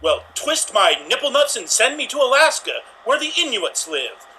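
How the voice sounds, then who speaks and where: A man's voice: extremely high pitch, very animated, normal speed, sharp tone, slight background noise, exaggerated voice, rough recording. A man playing a pompous, fussy male spaceship crewman in an online improv game, speaking in a prim, formal way.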